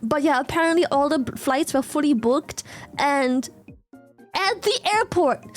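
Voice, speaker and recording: High-voiced excitable woman streamer. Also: a little slow, faint music behind. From Germany. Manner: excitable, swears freely, animated storytelling. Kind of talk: casual chat.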